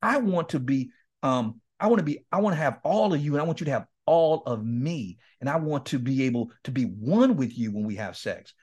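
Speaking fairly quickly with few pauses, this middle-aged man has an average male pitch and a husky voice. He's a guest speaker and men's ministry leader on a podcast, animatedly sharing candid stories, laughing often, and voicing both sides of remembered conversations.

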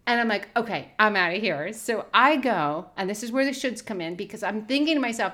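A middle-aged woman co-hosting a podcast, telling a story in a casual, animated way and often laughing. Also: a little high, normal speed. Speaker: podcast co-host.

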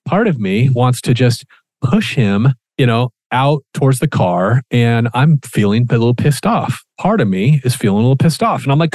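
A man co-hosting a podcast, telling a personal story in casual chat, animated and acting out quoted dialogue with casual swearing. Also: medium pitch, no echo. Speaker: podcast co-host.

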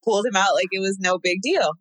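A woman's voice: mid-range voice, quick pace, no echo, poor audio. A young woman chatting casually as a guest, telling a personal story with lots of fillers and laughs. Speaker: guest sharing a birth story.

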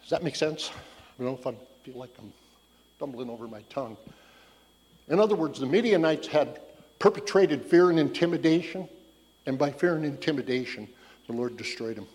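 A man's voice: medium pitch, expressive, fairly quick, long pauses, darkish tone, slightly rough. A man giving a casual, conversational Bible teaching, telling the story loosely and thinking aloud as he goes. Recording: long hall reverb.

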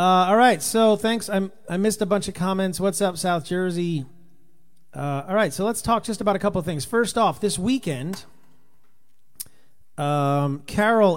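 A man from Rhode Island with a somewhat high voice hosts a relaxed livestream and chats to viewers one by one. His voice sounds tired and worn from long touring. He rambles loosely and reads comments as they come in. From Rhode Island, USA. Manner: chatty, greets viewers by name, loose and rambling. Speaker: livestream host and touring Christian musician. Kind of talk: casual live chat reading viewer comments.

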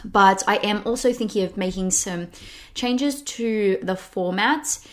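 A woman's voice: mid-range voice, measured pace. Chatty young woman podcast host. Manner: chatty, with frequent "like" and restarts. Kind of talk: casual solo podcast talk.

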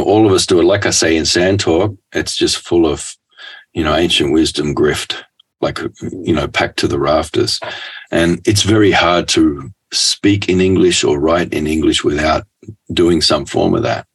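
A middle-aged man talking as a guest in a relaxed, rambling conversation, laughing often. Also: extremely low pitch, breathy edge. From Australia. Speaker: guest author.

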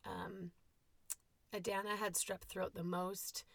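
A woman in her thirties, a mother of eight, hosting a podcast and telling candid, animated personal stories. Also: mid-range voice, takes it slowly, creaky, no echo. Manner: candid, animated, quotes herself in asides. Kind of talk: casual personal storytelling.

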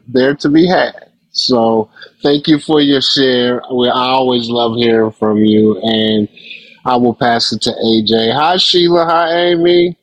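A man's voice: medium pitch, no room sound, rough recording. A man hosting a podcast, responding enthusiastically to a listener and passing the mic on. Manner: enthusiastic, restarts phrases. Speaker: podcast host. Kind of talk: warm casual chat.

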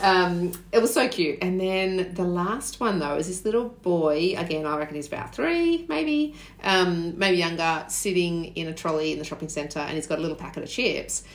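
A woman co-hosting a podcast, telling stories in an animated way and laughing often. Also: fairly low pitch, moderate pace, hardly any pauses. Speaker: podcast co-host. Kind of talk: casual chat. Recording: echoey room.

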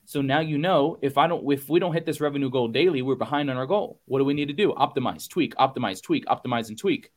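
A man's voice: medium pitch, fast talker, hardly any pauses. A man coaching on goals in a motivational podcast talk, punchy and emphatic, repeating phrases for effect and casually calling listeners y'all. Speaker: business coach guest.

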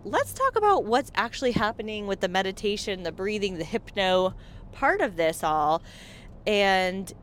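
A woman's voice: mid-range voice, a bit bright, slight background noise. A pregnant woman in her thirties hosting a casual solo podcast, chatty, saying "like" often and laughing between phrases. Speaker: podcast host.

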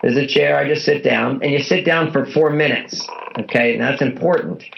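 A man's voice: medium pitch, normal speed, vocal fry, a little hiss or hum. A man being interviewed as a guest author, explaining things in an earnest, instructive way and repeating his key points. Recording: dull lo-fi audio.

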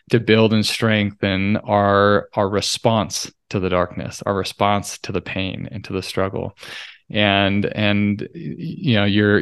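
A man hosting a podcast, talking in a calm, measured, thoughtful way. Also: on the low side, smooth, no room sound. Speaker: podcast host. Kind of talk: podcast conversation.

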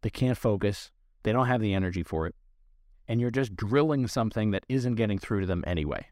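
A man's voice: on the low side, lively intonation, a little fast, a little mellow, dry recording, studio quality. A man who trains dogs, explaining training rules to listeners in an earnest, direct instructional way. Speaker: dog trainer. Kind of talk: instructional podcast talk.

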